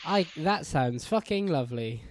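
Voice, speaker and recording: A man's voice: on the high side, animated, moderate pace. Joking male podcast host. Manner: joking, swears casually. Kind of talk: casual chat.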